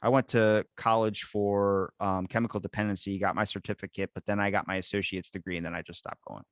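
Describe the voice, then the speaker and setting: A man's voice: lowish voice, little pitch movement, fairly quick, smooth, no room sound, studio quality. A young man hosting a podcast in casual chat, rambling and swearing with a jokey edge. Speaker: podcast host.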